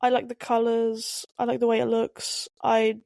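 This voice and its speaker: A woman's voice: on the high side, monotone, normal speed, creaky, a little mellow, no echo, clean studio sound. A woman co-hosting a podcast, giving blunt, opinionated film reviews in casual chat with hesitant restarts. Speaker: podcast co-host.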